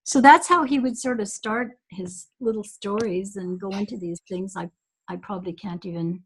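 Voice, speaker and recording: A woman's voice: mid-range voice, moderate pace, husky, poor audio. A woman guest on a recorded call, telling stories from long ago in a reflective, rambling way with many fillers. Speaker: guest recalling early days.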